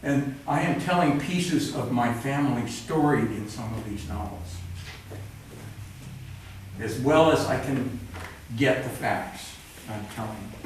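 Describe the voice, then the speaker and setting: Far from the mic, with slight background noise, a roomy live recording captures a male author reading his own books in a cultural center event room. His voice is medium-pitched, his tone wry and plainspoken, and he drifts into rambling asides between pieces.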